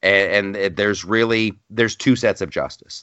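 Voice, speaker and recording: A man co-hosting a podcast, talking politics in a heated, exasperated way and mimicking others in quick asides. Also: lowish voice, bright, forceful tone, clear, resonant tone, no echo, muffled recording. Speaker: podcast co-host. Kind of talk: casual political chat.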